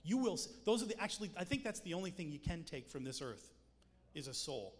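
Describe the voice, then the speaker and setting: A man's voice: fairly high pitch, sing-song, quick pace. A man preaching a sermon in a conversational way, with jokes and emphatic points. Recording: long hall reverb with music behind.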